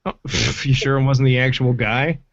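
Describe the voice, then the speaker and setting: A man hosts a casual livestream, spinning profane, rambling stories with plenty of animation. His voice sits at a middling pitch and comes through a desk mic and mixer. The stream audio sounds dull and lo-fi. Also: steady tone, moderate pace. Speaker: livestream host.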